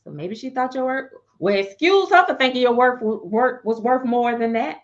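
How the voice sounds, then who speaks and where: A woman who makes and sells dolls, ranting on a livestream in a sassy, animated way and cussing freely. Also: a little high, normal speed, muffled recording. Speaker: doll artist and seller. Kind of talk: livestream rant.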